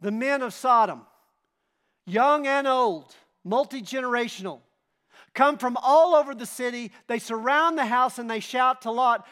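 A man's voice: very high voice, measured pace, pushed and bright, clear, resonant tone. A pastor preaching a sermon, emphatic and dramatic as he retells scripture and asks the congregation rhetorical questions.

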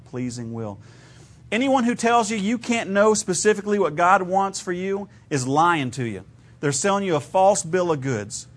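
A man in his thirties, from Ohio, preaching a sermon in a conversational, storytelling way with shifting emphasis. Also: on the high side. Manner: conversational storytelling preacher, varied emphasis, laughs at own stories. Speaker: pastor.

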